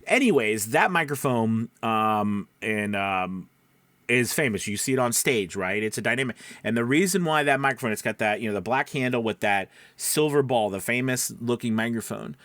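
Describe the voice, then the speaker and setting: A man teaching voice actors about microphones in a casual tutorial, animated and rambling, with many fillers and restarts, speaking close into a broadcast mic. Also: medium pitch, moderate pace, dry recording. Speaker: voice actor coach. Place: small home room, door open. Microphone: dynamic broadcast mic, close up.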